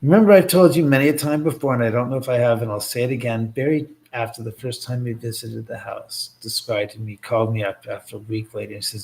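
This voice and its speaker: A man chats loosely on a livestream, telling stories and breaking off to banter with his viewers. He keeps restarting his sentences and wanders from point to point. His voice sits at an ordinary middle pitch for a man. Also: fairly even intonation, fast, creaky, hardly any pauses, a little mellow. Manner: rambling, jokey asides to chat, many restarts. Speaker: livestream host and filmmaker. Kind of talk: casual livestream chat.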